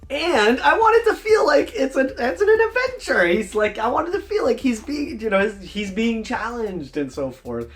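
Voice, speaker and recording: A man vlogging about running a tabletop game, telling the story in an enthusiastic, animated way. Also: very high voice, moderate pace, hardly any pauses, faint music behind. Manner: animated, enthusiastic, jumps between voices. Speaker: dungeon master, tabletop gaming vlogger. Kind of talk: casual storytelling vlog.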